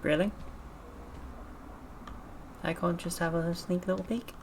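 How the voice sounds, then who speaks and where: Gravelly woman streamer muttering playfully. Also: on the low side, steady tone, measured pace. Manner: chatty, playful, muttering to herself. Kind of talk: casual let's-play commentary. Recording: streamed mic with clear noise.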